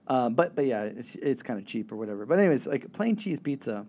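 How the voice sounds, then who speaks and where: A man co-hosting a casual chat podcast, rambling with many fillers and trailing off softly at the ends of his thoughts. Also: mid-range voice, sing-song, a little fast. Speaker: podcast co-host.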